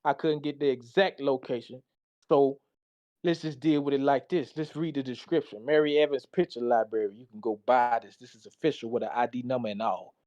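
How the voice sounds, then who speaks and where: A man's voice: medium pitch, steady tone, a little fast, a little mellow, lo-fi sound. A tired man giving a casual, slangy presentation, reading slides aloud and reacting to them. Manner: loose, slangy, talks back to the slides.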